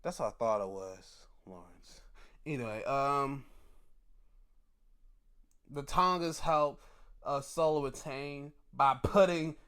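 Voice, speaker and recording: A man reviewing wrestling shows in casual commentary, excitable and profane, often putting on mock outrage. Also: mid-range voice, takes it slowly, long pauses, clean tone.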